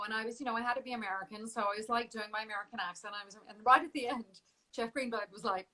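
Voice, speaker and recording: A woman hosts a casual interview in a slightly high voice. She chats fast and laughs easily, trading anecdotes with her guest. Her tone stays friendly and talkative. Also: pushed and bright, rough recording. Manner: quick, laughing, chatty. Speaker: interview host.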